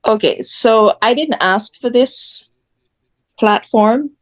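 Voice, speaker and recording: A woman's voice: on the high side, takes it slowly. A woman from Jamaica, a guest telling her story in a blunt, candid way. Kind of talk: casual interview chat.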